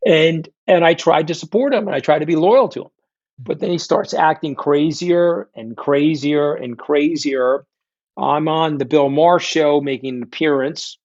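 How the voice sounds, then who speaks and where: A man's voice: on the high side, moderate pace, a little mellow, no echo. Man, middle-aged, blunt and profane, dull dry recording. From New York. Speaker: guest, fund founder. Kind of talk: candid storytelling interview.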